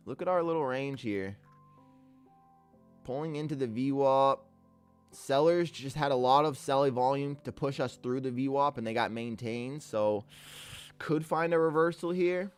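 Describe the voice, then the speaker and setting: A man's voice: mid-range voice, unhurried, pauses often, clean tone, soft background music. A man live-streaming his day trades, talking through the charts in a laid-back, upbeat way and greeting chatters as king and brother. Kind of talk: live trading commentary with chat shout-outs.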